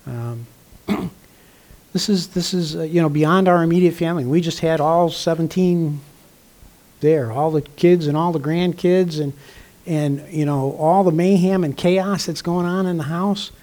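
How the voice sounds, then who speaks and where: An older male pastor preaching in a loose, conversational way, often pausing to clear his throat. His voice sits a little high for a man, and he leans on easy fillers as he talks to his congregation. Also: a little mellow. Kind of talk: sermon.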